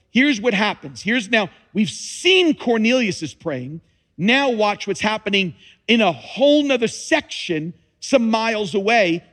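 A man's voice: sits high, a bit bright. A man preaching a sermon, reading scripture dramatically with emphatic repetition and touches of humor. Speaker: pastor. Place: church sanctuary. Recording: long reverb of a large hall.

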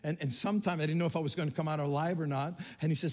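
Older pastor from Quebec, fairly high voice, impassioned sermon with stammered restarts. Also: male voice, steady tone, rapid-fire, few pauses, big-room sound.

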